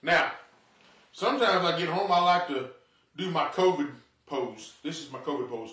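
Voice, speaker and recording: A man with a drawl rambles through a comedy bit in a folksy, self-mocking way. His voice sits high and bright, swinging all over the place. It sounds roomy and a little off the mic, as if filmed in a living room. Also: animated, normal speed, far from the mic. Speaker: stand-up comedian. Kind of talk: home-filmed comedy monologue.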